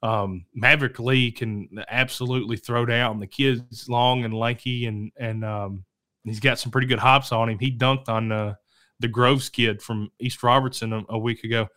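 A man hosting a local high school sports show, talking casually and rambling, correcting himself and coughing now and then. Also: steady tone, moderate pace, pushed and bright. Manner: rambling, self-correcting, chatty. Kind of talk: casual sports talk to camera.

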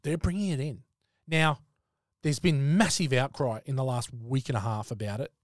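A man co-hosting a podcast, opinionated and halting as he talks. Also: mid-range voice, no echo, studio quality. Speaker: podcast co-host and youth rugby coach. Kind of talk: casual chat.

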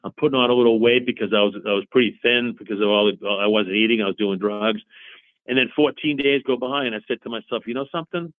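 Over narrow, tinny audio, a lowish-voiced man in his forties talks fast with fairly even intonation. As an interview guest he gives earnest, confessional storytelling about his own life, repeating himself and voicing both sides of past exchanges.

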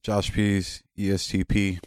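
A man co-hosting a podcast in casual chat, talking in quick slang and swearing freely. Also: low-pitched, flat delivery, darkish tone, clear, resonant tone, dry recording, clean studio sound. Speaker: podcast co-host.

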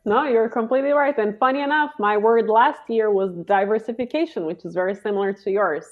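A woman investor as an interview guest, easygoing and quick to laugh. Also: a little high, phone-quality sound. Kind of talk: casual interview.

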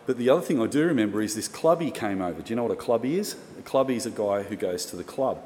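A man's voice: on the low side, animated, fast. An Australian man preaching, telling a personal story in a casual, chatty way with self-mocking humour. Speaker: pastor. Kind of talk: storytelling sermon. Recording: reverberant hall, faint room noise.

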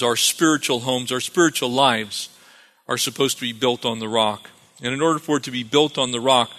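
A pastor preaches a sermon in a bright, forceful, mid-range voice, calling out for amens and repeating phrases to drive his points home. His words ring with the long reverb of a hall.

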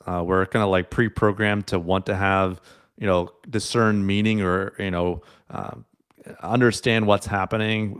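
A man with a clear, resonant voice that sits a little low, chatting on a podcast. He works through his thoughts slowly and casually, leaning on small fillers as he goes. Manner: thoughtful, many fillers like "you know". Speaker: podcast co-host.

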